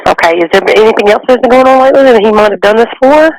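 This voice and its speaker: Quick, calm woman dispatcher on phone. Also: on the high side. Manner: calm, steady, repeating instructions. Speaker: 911 dispatcher. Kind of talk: emergency phone call. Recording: noisy phone line recording.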